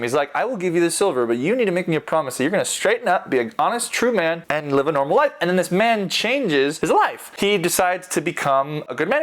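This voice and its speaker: A man's voice: sits high, fairly bright tone. Chatty joking man reviewing a movie. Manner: chatty, joking, self-deprecating.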